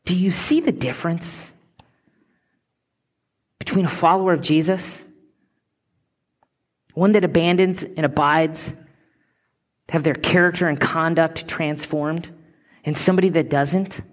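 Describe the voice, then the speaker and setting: Earnest woman pastor preaching. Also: low voice. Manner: earnest, emphatic preaching with slow, deliberate stresses and dips to a hushed whisper. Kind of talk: sermon.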